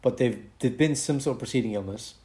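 A young man, co-hosting a casual podcast and explaining a medical condition in an animated way. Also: mid-range voice, quick pace. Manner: explanatory, animated, breaks into mock accents for fun. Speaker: podcast co-host, doctor.

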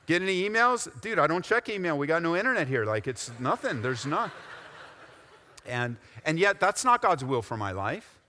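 A man preaching a sermon with a bright, forceful voice, his words ringing through a long reverb in a large church hall. He swings between loud, rising exhortation and hushed, intense passages. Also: medium pitch, very animated, brisk. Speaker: pastor.

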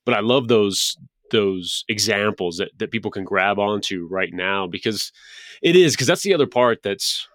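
A man's voice: on the low side, lively intonation, moderate pace, a bit bright, dry recording. A man hosting a podcast interview, chatting enthusiastically in a rambling way with many restarts. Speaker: podcast host. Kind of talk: casual interview chat.

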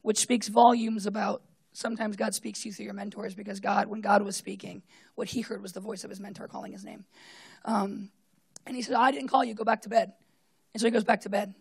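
A woman preaching a sermon, retelling a story with acted-out voices and swinging between loud bursts and hushed tones. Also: fairly high pitch, fast talker, gravelly, breathy edge.

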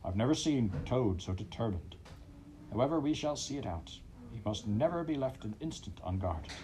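A man's voice: medium pitch, lively intonation, moderate pace, warm tone, lightly acted, rough recording. A man voicing a grave, weary old male badger who speaks with sighing firmness. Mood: stern.

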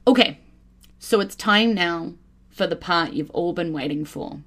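A woman hosting her own podcast in a casual, chatty way, laughing often and quickly getting excited. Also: fairly low pitch, slight background noise. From New Zealand. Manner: bubbly, laughs often, gets giddy with excitement. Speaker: podcast host. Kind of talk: casual solo podcast chat.

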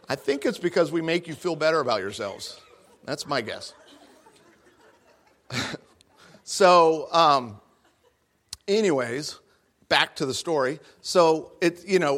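A man's voice: on the high side, fairly bright tone. A middle-aged man, a guest speaker, telling a self-mocking comic story to a live audience and acting out the voices in it. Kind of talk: comedic storytelling talk to an audience. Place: large room before a live audience.

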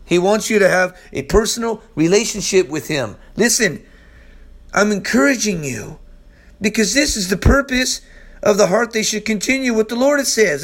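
A male preacher with a high, lively voice delivers an informal Bible-study sermon. His pitch leaps and dives, one moment loud and exclaiming, the next dropping to a low murmur. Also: moderate pace.

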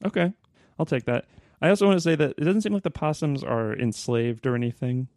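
A man's voice: mid-range voice, fairly quick, a little mellow, no room sound, studio quality. A man co-hosting a casual podcast, chatting playfully and reading aloud from a book. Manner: playful, puts on voices when reading quotes. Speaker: podcast co-host.

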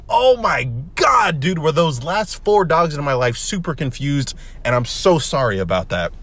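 A young man hosting a casual solo podcast, rambling excitedly with lots of swearing and restarts. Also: on the high side, moderate pace, few pauses, slightly rough. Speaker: podcast host.

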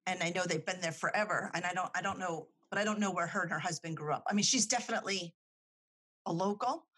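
A woman's voice: lowish voice, fast, fairly bright tone, husky. A woman in casual chat, rambling with fillers and restarts. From New Jersey / New York. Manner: rambling, lots of fillers and restarts, laughs often.

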